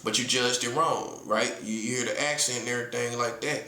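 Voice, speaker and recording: A man's voice: mid-range voice, steady tone, brisk, sharp tone, echoey room. A man from North Carolina with a Southern accent, preaching in a casual, emphatic monologue full of rhetorical questions and slang. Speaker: prophet.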